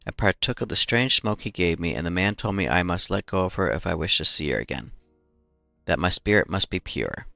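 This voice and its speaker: A man voicing a grim old male colonial soldier, reading his diary slowly in a deep, solemn voice. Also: animated, vocal fry, bright, forceful tone, no room sound, soft background music, heavily acted. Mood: grim, cold. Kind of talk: reading game notes aloud.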